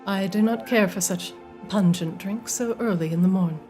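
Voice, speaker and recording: A woman's voice: medium pitch, normal speed, dark tone, faint music behind, lightly acted. A woman voicing a courteous woman of a mystic order who speaks in a formal, old-fashioned way.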